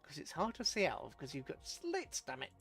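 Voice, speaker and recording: A man streaming a strategy game, talking in a fairly high, very lively voice. He chuckles and answers his chat in a loose, casual way. Faint music plays beneath him. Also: brisk, gravelly. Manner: chatty, chuckling, talks to chat. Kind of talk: live gameplay commentary.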